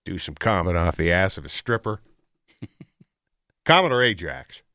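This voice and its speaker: Man, co-host, crude jokester, low bright voice, lively. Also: moderate pace, no room sound, clean studio sound. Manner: crude jokes, laughs often. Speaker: radio co-host. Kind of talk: casual banter.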